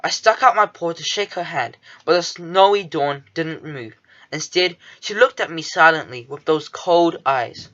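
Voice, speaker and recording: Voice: mid-range voice, unhurried, fairly bright tone. Audiobook narrator, dull lo-fi sound. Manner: nervous, fussy first-person telling. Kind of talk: first-person storybook narration.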